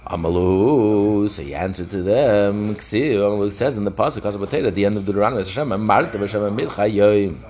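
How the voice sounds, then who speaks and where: A man's voice: fairly low pitch, moderate pace, hardly any pauses, a little mellow. Male Talmud teacher, passionate storyteller, peppers the lesson with Hebrew. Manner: passionate, retells the story vividly with Hebrew phrases. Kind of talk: daf lesson.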